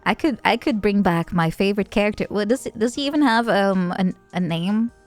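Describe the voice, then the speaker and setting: A woman VTuber chatting casually on stream, playful and giggly, with sudden bursts of excitement. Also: mid-range voice, brisk, faint music behind.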